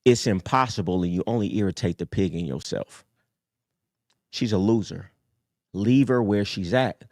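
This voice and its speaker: A man hosting a live call-in show, talking casually in a streetwise, preachy way that swings from low mutters up to high emphatic bursts. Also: normal speed, a little mellow, no echo, studio quality. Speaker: host. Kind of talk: casual livestream talk.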